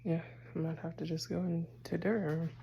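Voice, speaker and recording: A woman's voice: lowish voice, steady tone, normal speed, vocal fry, reverberant, dull audio, slight background noise. A woman vlogging casually on a handheld phone while walking through her house, rambling and chatty. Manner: rambling, chatty, filler-heavy. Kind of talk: casual chat. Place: basement and rooms of a house, indoors.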